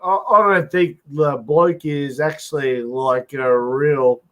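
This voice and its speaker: A man chatting on a live stream, blunt and halting, swearing now and then. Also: mid-range voice, a bit bright, poor audio. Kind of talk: casual chat on a live stream.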